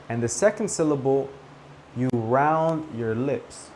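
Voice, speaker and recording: Guy teaching english greetings, real slow and careful, bit of faint hiss behind. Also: mid-range voice, darkish tone, poor audio. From Latin America. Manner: slow, carefully over-articulated demonstrations. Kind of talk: pronunciation lesson to camera.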